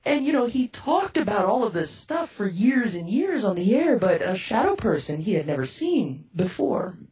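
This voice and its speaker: A woman, a radio producer, telling a personal story in a lively way and acting out both sides of the conversations she recounts. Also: medium pitch, normal speed, distant mic, highs cut off.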